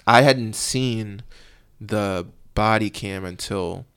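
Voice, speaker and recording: Gravelly-voiced police officer telling stories. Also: male voice, on the low side, slow pace, a bit bright. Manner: loose, rambling, with many fillers. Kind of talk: casual storytelling in an interview.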